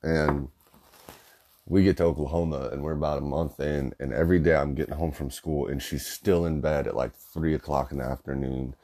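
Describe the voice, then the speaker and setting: Rambling, profane and full of fillers, a twenty-something man casually recounts something that happened to him. He speaks at normal speed in a very deep, dark voice with a steady tone.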